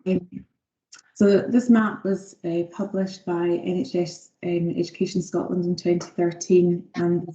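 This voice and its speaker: A woman's voice: on the low side, level tone, measured pace, mellow. A woman giving a formal presentation as optometry lead to a health board, reading prepared text with some fillers. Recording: echoey dull video call audio.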